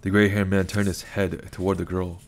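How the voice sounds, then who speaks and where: A man narrating a short story in an even, unhurried audiobook style. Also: low-pitched.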